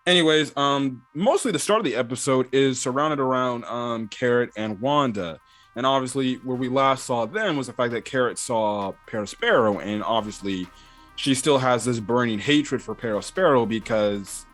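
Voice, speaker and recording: A man's voice: mid-range voice, a bit bright. A young man giving casual episode-recap commentary in a rambling way, with lots of filler words. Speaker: anime episode reviewer. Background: faint background music.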